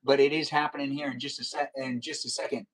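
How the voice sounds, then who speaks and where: A man's voice: mid-range voice, flat delivery, rough recording. Rambling male live streamer. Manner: rambling, talks fast, spells and half-sings his username, reads chat aloud. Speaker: live streamer playing a video game. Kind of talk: casual live stream chatter.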